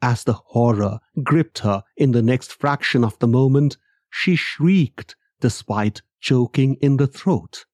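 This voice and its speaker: A man narrating a horror story in a measured, dramatic way. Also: medium pitch, darkish tone, no echo, clean studio sound. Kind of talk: scripted narration.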